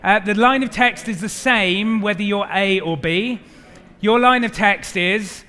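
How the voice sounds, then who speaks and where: A man in his thirties giving a lively, engaging conference keynote on a stage mic, speaking to a large hall. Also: high voice, a little slow. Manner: lively, engaging, directs the audience.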